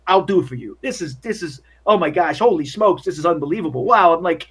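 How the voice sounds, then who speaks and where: A man's voice: a little high, sing-song, normal speed, a bit bright, breathy edge, exaggerated voice. A man doing a jittery Brooklyn bellhop. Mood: overjoyed. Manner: jittery, stammering, eager to please. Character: nervous young male hotel worker, Brooklyn accent.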